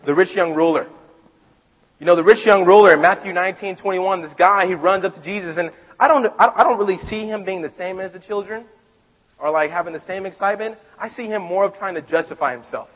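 A man preaching a sermon in a conversational, animated storytelling way, stumbling and restarting often. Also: high-pitched, fast. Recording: dull recording with long hall reverb.

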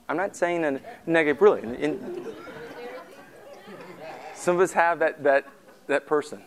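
A male pastor delivers a sermon to his congregation. He speaks reflectively and directly to them, pausing between his questions. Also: mid-range voice.

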